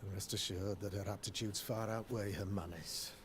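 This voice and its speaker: A man's voice: lowish voice, steady tone, moderate pace, natural voice. A man playing a pompous colonial governor. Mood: stately. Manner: formal, long-winded and courtly. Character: pompous middle-aged male colonial governor. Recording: game audio with ambient noise.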